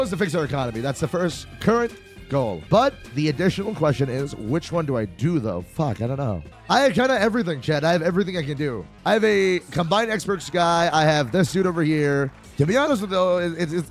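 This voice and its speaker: A young man giving casual, excitable gameplay commentary, swearing and talking to his chat. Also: on the high side. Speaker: streamer playing a strategy game.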